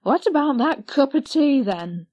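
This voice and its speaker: A bustling, gloomy village wife, as a woman reader puts her on, grumbling in broad country dialect at an unhurried pace. Her pitch swings widely as she complains. The storybook recording is dry and close. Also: animated, no room sound, lo-fi sound. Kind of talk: audiobook character voice.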